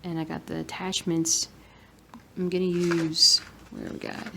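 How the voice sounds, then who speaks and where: A woman in her thirties talks while she stitches, rambling gently and dropping to a murmur now and then. Her voice sits low with a gravelly edge. A faint hiss of room noise runs under it. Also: flat delivery, unhurried. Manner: soft-spoken, rambling, murmurs to herself while working. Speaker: cross-stitch vlogger. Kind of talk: relaxed stitch-along chat.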